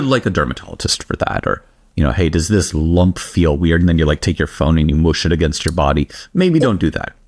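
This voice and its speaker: A man with a very deep voice that swings widely in pitch as he talks. He co-hosts a casual podcast, rambling and animated, often poking fun at himself. His delivery is chatty and unpolished. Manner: animated, rambling, self-deprecating. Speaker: podcast co-host. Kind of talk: casual chat.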